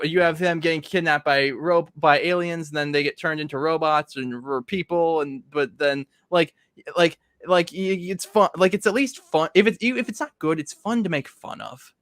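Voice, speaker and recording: A man's voice: on the high side, moderate pace, hardly any pauses, a bit bright, clean tone, no echo, clean studio sound. A man hosting a casual comic review chat, rambling with many fillers and laughing often. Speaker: podcast host.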